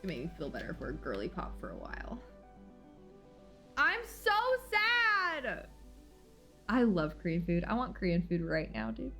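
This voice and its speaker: A woman streaming a game live, reading its story aloud and reacting in an expressive, dramatic way, from loud outbursts to low mumbles. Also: fast, few pauses, soft background music.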